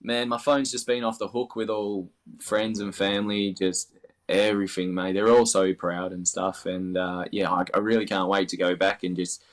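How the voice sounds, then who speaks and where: A man's voice: low-pitched, little pitch movement, normal speed. A man with an Australian accent, a darts player being interviewed, chatting in a laid-back, rambling way over a video call. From Western Australia. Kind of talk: casual interview chat.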